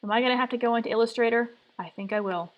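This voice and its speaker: During a live design stream from her workspace at home, a woman mutters her way through trial and error, thinking out loud as she tries things. Her voice sits on the high side and comes out rapid-fire, with the highs cut off in the recording.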